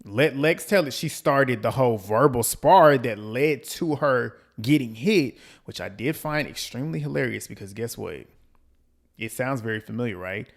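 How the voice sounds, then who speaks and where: A man hosting a reality TV recap, ranting in a blunt, profane, animated way and repeating lines for emphasis. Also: medium pitch, moderate pace, creaky. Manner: quotes people in mimicking voices. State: out of breath. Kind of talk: casual commentary recap.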